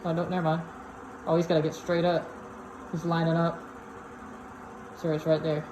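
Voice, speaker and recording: A woman's voice: deep voice, little pitch movement, moderate pace. A woman giving casual unboxing commentary at home, chatty and slangy, talking to a robot vacuum as if it were a person. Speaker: product reviewer. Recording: noisy home recording.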